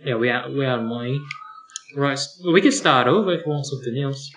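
A man's voice: mid-range voice, quick pace, a bit bright. A man playing a co-op racing game with a friend, explaining the rules in a wry, laid-back way. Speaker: game player. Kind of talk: casual let's-play chat.

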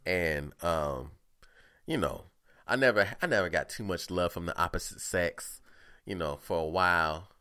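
A man's voice: low voice, a bit bright, clear, resonant tone. A young man from the talking casually and profanely on his own podcast, ranting animatedly. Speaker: podcast host. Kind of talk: casual monologue.

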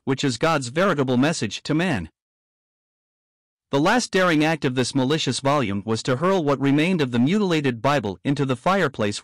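A man reading a devotional story aloud in measured, earnest first person. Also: on the high side, no echo, clean studio sound. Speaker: audiobook reader.

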